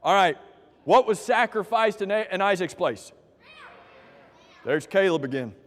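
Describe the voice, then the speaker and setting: High-voiced joking Bible class teacher. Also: male voice, measured pace, long reverb tail. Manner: lively, joking teacher calling on people by name. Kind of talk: quiz review with a church class. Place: church classroom.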